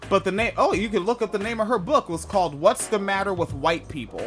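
A man's voice: sits high, quick pace, a bit bright, soft background music. A man in his thirties hosting a podcast book club in casual chat, joking, profane and rambling. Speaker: podcast host.

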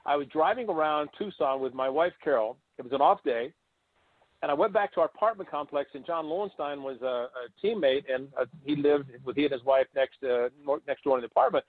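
An older man with a slightly high voice spins animated stories as an interview guest, slipping into the voices of the people he quotes. The sound is thin and tinny, like a phone line, and dry, with no room around it. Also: fairly quick, no echo. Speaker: guest, former baseball catcher. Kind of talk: storytelling interview.

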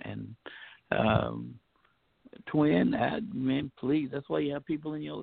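A man's voice: medium pitch, creaky, dry recording. A man who is a pastor, talking in a casual preachy way, repeating himself and saying "man" a lot. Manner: preachy, repeats words, says "man" often. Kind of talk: casual chat. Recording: tinny phone line.

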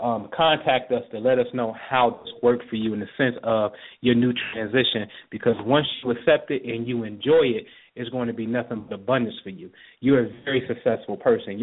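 A man's voice: mid-range voice, slightly rough. Guy doing call-in astrology readings, fired up, keeps saying right, sounds like a phone. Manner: preachy, emphatic, keeps asking "right?". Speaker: astrologer host. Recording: tinny phone-line sound.

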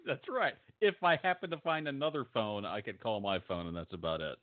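A middle-aged man co-hosting a casual chat, trading dry, deadpan jokes. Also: medium pitch, moderate pace, dry recording, phone-quality sound. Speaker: podcast co-host.

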